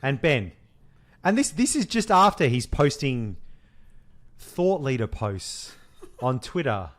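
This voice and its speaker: A man's voice: mid-range voice, big pitch swings, takes it slowly, a bit bright. A young man holds forth on a casual podcast in an ordinary mid-range voice. He is blunt and swears freely. He tells stories with animation and ribs his co-host. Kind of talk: casual chat.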